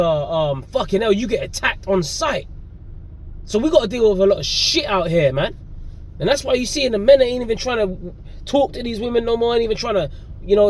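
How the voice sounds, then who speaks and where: Male street preacher, very high voice, confrontational and profane, recorded outside with traffic noise. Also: rough recording. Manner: confrontational, cursing, keeps saying "man". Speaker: religious preacher. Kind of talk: profane ranting sermon.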